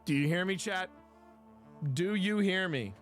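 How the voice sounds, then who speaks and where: A man's voice: high-pitched, animated, unhurried, fairly bright tone, soft background music. A man hosting a live stream, chatting casually and rambling, with frequent restarts and casual swearing. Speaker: streamer host.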